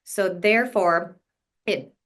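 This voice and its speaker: A woman's voice: lowish voice, slow, fairly bright tone. A young adult woman speaking as a podcast guest in casual interview chat, earnest and full of "like" and "um" fillers.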